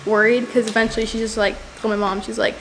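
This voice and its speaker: A woman's voice: on the high side, level tone, fast talker, heavy background noise. A young woman telling a personal story to the camera in a casual, rambling way, full of "like". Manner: rambling, heavy use of "like". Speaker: vlogger.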